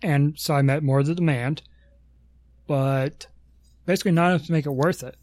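A man's voice: fairly high pitch, steady tone, fairly quick, a little mellow. A man co-hosting a casual podcast, rambling through long explanations with lots of ums and self-corrections. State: has the hiccups. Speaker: podcast co-host.

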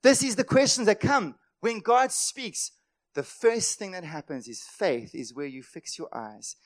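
A man preaching a sermon as pastor, impassioned, swinging between loud emphatic lines and quiet asides, and acting out the voices of worried people. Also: high voice, expressive, measured pace.

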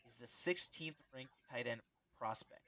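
This is a man in easy, casual sports talk on a podcast. His pitch sits in an ordinary middle range. He rambles and gets animated, often rattling off numbers. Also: measured pace. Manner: animated, rambling, reads stats aloud. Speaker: podcast co-host.

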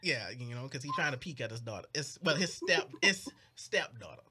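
A young man co-hosting a podcast, recounting a story in casual chat with animated, mock-outraged delivery and quick put-on voices. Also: medium pitch, over a noisy crowd. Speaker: podcast co-host.

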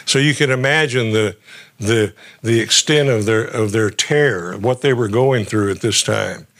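Halting, conversational male preacher. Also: lowish voice, a bit bright. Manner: halting, repeats words often, conversational preaching. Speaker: guest pastor. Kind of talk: sermon.

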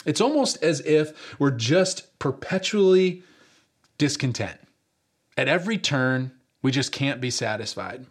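A man's voice: medium pitch, lively intonation, measured pace. A man from upstate New York giving a sermon as a pastor, telling a story in a conversational way with frequent fillers and repeating rhetorical questions.

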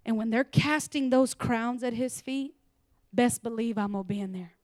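A woman preaching a sermon to a church, animated and laughing, sometimes dropping into whispers. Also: on the high side, moderate pace, no room sound, clean studio sound.

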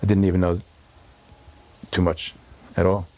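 A man, a rabbi, recalling a painful day in an emotional interview, talking in halting bursts with many fillers and restarts. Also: sits low, flat delivery, darkish tone. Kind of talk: emotional personal recollection. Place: home.

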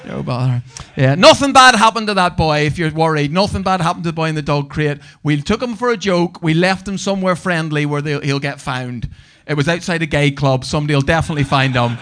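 A Northern Irish comedian with a quick, slightly bright voice on the high side performs a live stand-up set at a comedy venue. He's brash and sweary, and he teases the audience.

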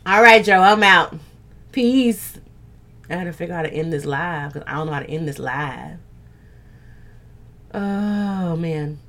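Candid low-voiced woman hosting a livestream. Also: animated, unhurried, pauses often, fairly bright tone. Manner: candid and earthy, swears, talks straight to viewers. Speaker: livestream host. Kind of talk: casual live-stream chat with viewers.

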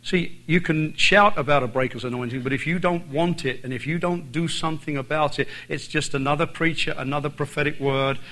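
A man's voice: on the high side, fairly quick, few pauses, pushed and bright, poor audio. Irish man preaching with repeated emphasis. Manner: emphatic, repeats phrases for stress. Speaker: visiting preacher. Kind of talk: sermon.

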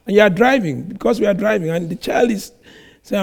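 A man preaching a sermon, reading scripture slowly and stressing words with sudden loud emphasis. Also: high voice, creaky.

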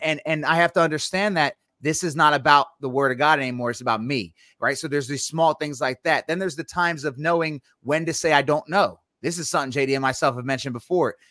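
A man's voice: fairly high pitch, sharp tone, dry recording. Emphatic man with a lifted, dry voice. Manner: emphatic, acts out quick imagined dialogue. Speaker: podcast co-host. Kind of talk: animated live-stream podcast talk.

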